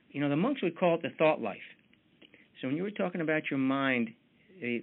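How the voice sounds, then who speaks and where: A man leading a motivational team mentoring call in a folksy, chatty manner, full of fillers, heard over tinny call audio. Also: medium pitch.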